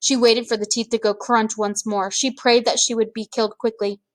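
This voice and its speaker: A woman reading a children's book aloud, with expressive, measured storytelling. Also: on the high side. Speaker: reader.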